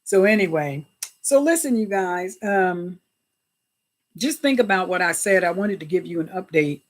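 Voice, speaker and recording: Woman, livestream host, animated and chatty, greets chat by name, devout asides. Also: on the low side, normal speed. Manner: often invokes God and Jesus.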